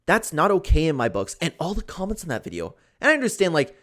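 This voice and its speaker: A man's voice: on the high side, sing-song, fast, fairly bright tone. A young man giving casual, opinionated commentary on fight news, with lots of fillers like "like" and "man".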